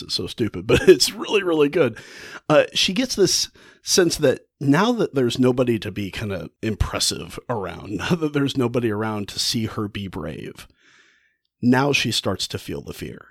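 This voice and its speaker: A man casually retells a story, full of enthusiasm and halting restarts. His pitch rises and falls widely, and the sound is close and dry with no room around it. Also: animated, slightly rough, no room sound. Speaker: podcast host.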